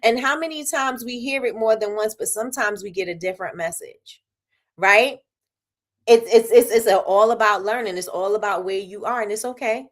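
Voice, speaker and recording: A middle-aged woman who owns a soap business hosts a casual motivational live stream from it. Her medium-pitched voice moves at a moderate pace, full of lively energy; she's preachy, repeats her points, and laughs a lot.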